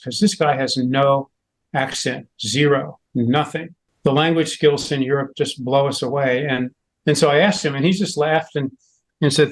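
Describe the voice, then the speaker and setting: A man's voice: on the high side, moderate pace, low-quality recording. Enthusiastic man giving a club slide talk. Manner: enthusiastic storyteller with frequent "uh" fillers. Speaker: club presenter.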